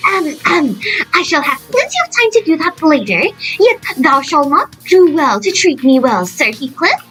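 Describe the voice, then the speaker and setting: A woman's voice: high voice, very animated, normal speed, a bit bright, faint music behind, voice pushed up, rough recording. A woman voicing an earnest young female would-be knight who speaks in archaic, knightly phrases.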